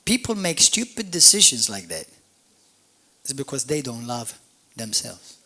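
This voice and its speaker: A man with a Maltese accent, preaching a lively, joking sermon as pastor at a church service, calling on the congregation to answer back. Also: mid-range voice, a little slow. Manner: animated, jokey, call-and-response preaching.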